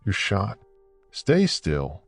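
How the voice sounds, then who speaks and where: A man's voice: deep voice, wildly swooping pitch, extremely slow, vocal fry, husky, no echo, faint music behind, exaggerated voice. A man reading a curt ex-military woman rancher. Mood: wary. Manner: curt, questioning.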